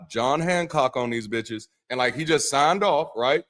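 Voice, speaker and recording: This Bible study livestream is hosted by a former pastor whose medium-pitched voice sounds a little bright at a moderate pace. He keeps it loose, cursing and joking as he goes, and his speech is full of repeats and restarts.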